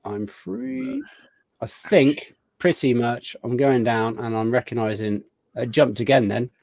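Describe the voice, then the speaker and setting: A man hosting a casual live show, chatting warmly through a long list of viewer greetings. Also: medium pitch, steady tone, moderate pace, dry recording. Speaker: podcast host. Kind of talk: casual live-stream chat.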